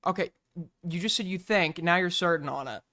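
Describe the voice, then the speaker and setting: Bright-toned man moderating an online debate. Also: sits high, a little fast. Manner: moderating, interjecting, blunt.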